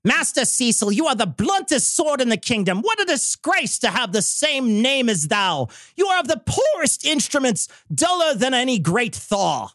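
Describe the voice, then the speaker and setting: A man's voice: extremely high pitch, big pitch swings, normal speed, hardly any pauses, fairly bright tone, dry recording, clean studio sound, voice pushed up, heavily acted. A man voicing a pompous old-timey Shakespearean insulter with mock-archaic, theatrical delivery. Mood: mock grandiose.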